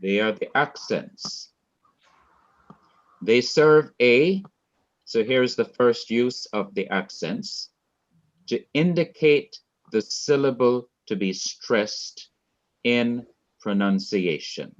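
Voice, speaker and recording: A man teaching a Hebrew class, explaining slowly and repeating key points for his students. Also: mid-range voice, animated, dull audio. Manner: slow, repetitive, deliberate explaining. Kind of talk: classroom lecture.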